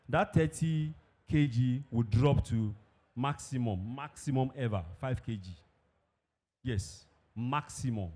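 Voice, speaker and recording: A man teaches a room of farmers about feed. He explains patiently, repeats his key points and keeps asking the audience questions. His voice sits at an ordinary middle pitch. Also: a little mellow. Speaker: industry presenter. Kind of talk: technical presentation to farmers. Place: conference hall with a live audience.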